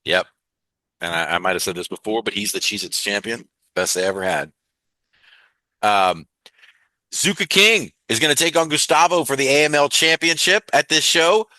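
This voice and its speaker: A man's voice: medium pitch, expressive, moderate pace, sharp tone, no room sound. A man with a Southern US accent hosting a wrestling podcast, rattling off show news in an upbeat, chatty way and laughing often. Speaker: podcast host. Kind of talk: casual wrestling news chat.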